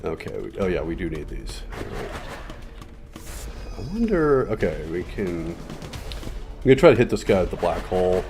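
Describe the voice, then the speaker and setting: A man's voice: sing-song, measured pace, long pauses, music in the background. Muttering man streaming a game. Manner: muttering, swearing, low-key. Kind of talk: casual gameplay commentary.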